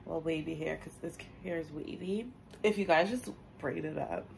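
A woman's voice: low-pitched, normal speed, gravelly, a little hiss or hum, poor audio. A young woman casually chatting to her viewers while doing her makeup and hair, swearing freely. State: has the hiccups. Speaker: beauty vlogger. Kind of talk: casual get-ready-with-me chat.

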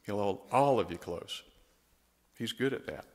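A man's voice: lowish voice, a little slow, long reverb tail. A man speaking as a pastor, giving a tender funeral eulogy and prayer. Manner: gentle and tender, rising to lively storytelling.

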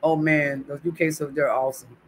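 A man talks casually on a live stream, his voice sitting a little higher than most men's. He chats warmly with his viewers and reads their comments aloud. Faint noise hums behind him. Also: level tone, fairly quick. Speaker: YouTube livestream host. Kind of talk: casual livestream chat.

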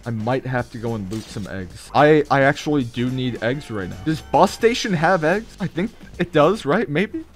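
Young guy streaming a shooter game, super lively voice jumping way up when he yells, bit of music behind. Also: moderate pace, hardly any pauses. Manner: excitable, talks to chat, yelps and laughs in high bursts. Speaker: gaming streamer. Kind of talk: live gameplay commentary.

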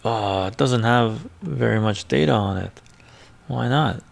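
Flipping through stock charts on a screen share, this male finance host talks casually, thinking out loud and frequently muttering under his breath. He has a medium-pitched voice with vocal fry and speaks a little slowly, picked up on a close, ASMR-style mic.

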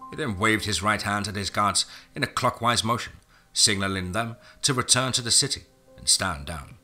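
A man narrating a first-person fantasy story for a podcast in a steady, unhurried reading. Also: lowish voice, soft background music.

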